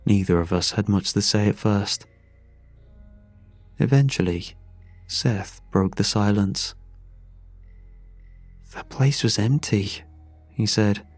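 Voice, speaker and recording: A man giving a measured, somber first-person narration of a horror story. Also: on the low side, a little mellow, dry recording, soft background music.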